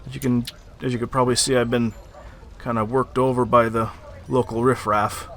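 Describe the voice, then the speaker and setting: A battered, sleazy innkeeper of a tabletop game , put on by a man, mid-pitched and halting in his speech. He jokes crudely and stumbles over his words, with faint noise in the background. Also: flat delivery, a bit bright, natural voice. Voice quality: halting, with many fillers. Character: battered male innkeeper Toblin, sleazy and joking.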